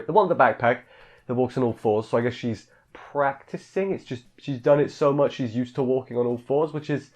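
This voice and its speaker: A man's voice: medium pitch, darkish tone, muffled recording. Rambling man recapping an anime. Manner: rambling, offhand, filler-heavy, mimics characters in quotes. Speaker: anime reviewer. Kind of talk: casual episode recap.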